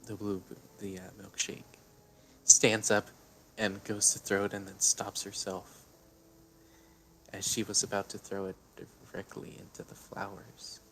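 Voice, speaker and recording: A man narrating his character's actions in a tabletop game, halting, with hesitations. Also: lowish voice, little pitch movement, a bit bright, a little hiss or hum. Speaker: player.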